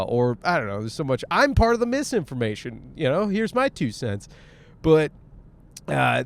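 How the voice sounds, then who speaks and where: A man from Michigan hosts his podcast with a loose, swearing comic rant, slipping into quick put-on voices for other people. His voice sits a bit high and sounds smooth and resonant. He talks from a car on the way to the gym. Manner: loose, profane, jokey, acts out quoted voices. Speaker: podcast host and stand-up comic.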